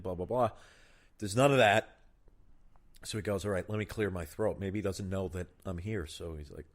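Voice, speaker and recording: A man hosting a casual chat, telling crude jokes in an animated way and laughing at his own punchlines. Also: low-pitched, normal speed. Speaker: podcast host.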